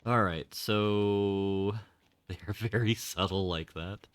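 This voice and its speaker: Deep-voiced, slow-talking male streamer. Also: no echo. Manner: rambling, wry and sarcastic asides; swears casually. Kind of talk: casual gaming livestream commentary.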